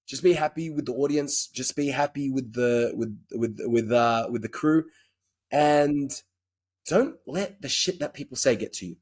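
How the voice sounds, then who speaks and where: A man's voice: mid-range voice, a little slow, darkish tone, slightly rough. A man with an Australian accent, a guest actor talking casually and bluntly in a podcast interview, rambling through his stories and swearing now and then.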